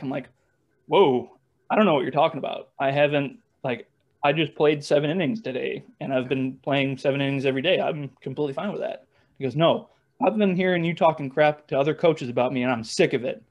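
A young man, a former baseball catcher, telling stories in a relaxed, rambling way with lots of fillers and restarts. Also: mid-range voice, brisk, dull audio. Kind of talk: casual storytelling interview.

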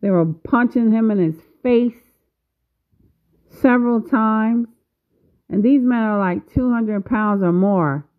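A woman in her fifties talking casually to her viewers, slow and measured, pausing often. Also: fairly high pitch. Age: 50s. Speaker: vlogger. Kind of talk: casual video commentary. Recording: tinny phone-like sound.

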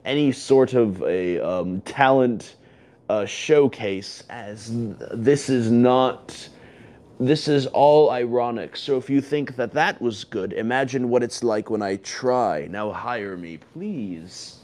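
Slow-talking man in rambling, ironic chat. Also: mid-range voice, a little mellow. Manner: rambling, ironic and self-mocking. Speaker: host of an audio chat room. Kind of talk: casual chat.

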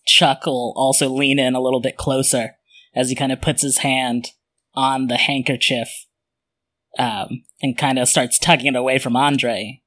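Bright-voiced man narrating a tabletop game. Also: medium pitch, normal speed. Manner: relaxed, with fillers. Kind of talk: casual role-play narration.

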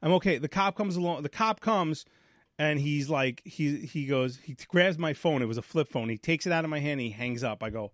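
A brisk, fairly high-pitched man narrates a casual story on his podcast, animated and acting out each voice while repeating himself. He's a New York host in his forties, and the recording is dry and clean, studio-grade.

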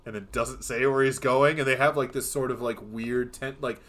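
A man's voice: medium pitch, fairly even intonation, normal speed, fairly bright tone. Rambling male film podcast host. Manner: rambling, filler-heavy retelling of scenes. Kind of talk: casual film discussion.

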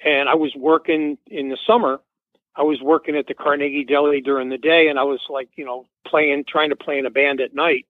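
Older male caller on a dry, tinny phone line, slightly high voice, storytelling with lots of fillers. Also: flat delivery, fairly quick, no room sound. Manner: loose storyteller, many fillers and restarts. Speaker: guest. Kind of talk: rambling anecdote on a radio call-in. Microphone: phone call.

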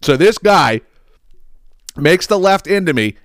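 A man's voice: a little high, normal speed, pauses often, dry recording, studio quality. Profane ranting podcast host man. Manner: profane, animated, full of restarts. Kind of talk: ranting storytelling.

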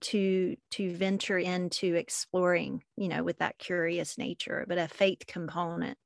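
A woman host with a gravelly, low-ish voice who asks her questions slowly and thoughtfully, with lots of fillers. The sound is dry and close. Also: little pitch movement, dry recording. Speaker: interviewer. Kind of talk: casual conversation.

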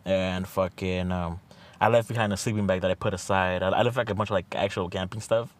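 A man's voice: low voice, steady tone, a little fast. A young man telling a rambling trip story in a casual podcast chat, packed with fillers and swearing. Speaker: podcast co-host.

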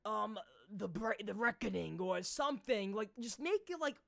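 A man's voice: high voice, lively intonation, normal speed, creaky, a crowd in the background. A young man co-hosting a casual gaming podcast, rambling with lots of fillers and swearing. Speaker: podcast co-host.

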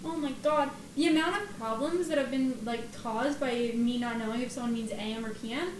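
A woman's voice: a little high, brisk, background noise. A young woman co-hosting a podcast, talking in an emphatic, rambling way and swearing casually. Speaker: podcast co-host. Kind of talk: casual chat.

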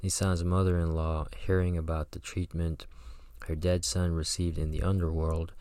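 A man with a very deep voice reads a folktale aloud and stops now and then for casual, slangy commentary. The recording is close and dry, with no room sound. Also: level tone, normal speed, dark tone, no room sound. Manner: breaks off into chatty, slangy asides. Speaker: reader and commentator. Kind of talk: reading aloud with casual asides.

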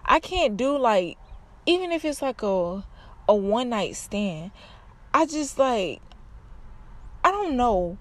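A young woman vlogger, her voice on the high side, rants bluntly and profanely to her viewers in an unscripted, casual clip. She takes it slowly with frequent pauses, telling her story in an animated way.

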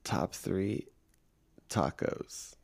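A man's voice: low voice, drawn-out words, vocal fry, darkish tone. A young man co-hosting a casual podcast, rambling with lots of fillers and casual swearing. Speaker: co-host.

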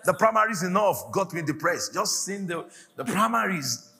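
A man preaching a sermon as a pastor, giving prophetic declarations that swell into shouts about laughing. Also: high voice, expressive, normal speed, creaky. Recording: faint music behind the preaching.

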